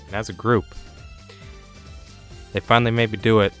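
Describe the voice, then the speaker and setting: A man's voice: lowish voice, level tone, moderate pace, a bit bright, soft background music. A man hosting a casual podcast, talking in loose run-on sentences and swearing casually. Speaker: podcast host. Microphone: podcast microphone.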